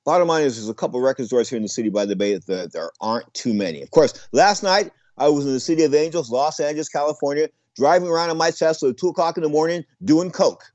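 Talking fast with hardly a pause, this older man has a fairly high, darkish voice and no echo around him. A boxing commentator who once fought himself, he wanders through a casual, digressive monologue that keeps looping back and repeating. The recording is dull and lo-fi.

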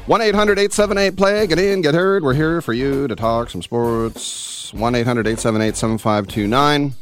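Jokey sports radio host, man. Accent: Northern Californian. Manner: jokey, playful pitch swings, rambling. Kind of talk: casual radio talk.

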